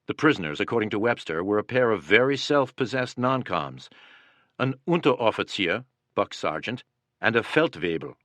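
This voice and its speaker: A man narrates a history audiobook in a steady, dramatic read. His voice sits on the low side, and the recording is dry and close with no room sound. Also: no room sound. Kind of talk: scripted narration.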